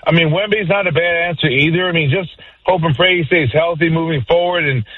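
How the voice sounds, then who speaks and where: A man's voice: fairly high pitch, brisk, a little hiss or hum. A man calling in to a radio show, casual and enthusiastic with slangy talk. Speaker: caller. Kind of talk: phone-in praise to host. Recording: tinny phone line.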